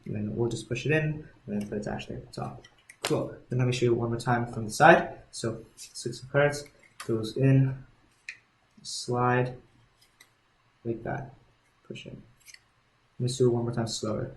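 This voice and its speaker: A man's voice: medium pitch, normal speed, pauses often, a little hiss or hum. A young man teaching card sleights in a casual, rambling way, often restarting and correcting himself. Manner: rambling, self-correcting, many restarts and ums. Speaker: magic tutorial host. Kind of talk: casual instructional walkthrough. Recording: echoey room.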